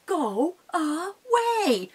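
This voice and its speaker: A woman voicing a big, grumpy mother troll who gives slow, firm orders in an oral storytelling performance. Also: very high voice, sing-song, a little mellow, voice pushed up, full character voice. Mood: stern. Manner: slow, drawn-out, firm commands.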